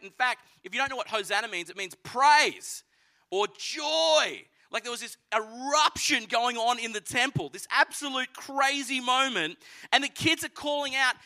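A man preaching a sermon, telling the story with animated energy and acting out voices. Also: very high-pitched, normal speed. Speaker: pastor.

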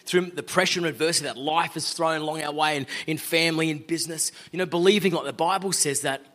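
A man's voice: fairly high pitch, quick pace, fairly bright tone. A middle-aged Australian man giving an earnest, conversational sermon-style talk as a guest speaker. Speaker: guest speaker, law firm owner.

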